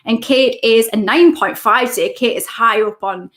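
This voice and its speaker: A woman's voice: fairly high pitch, moderate pace, fairly bright tone. A woman, a coach hosting a casual live stream from home, chatting as she greets viewers by name and reads out their comments.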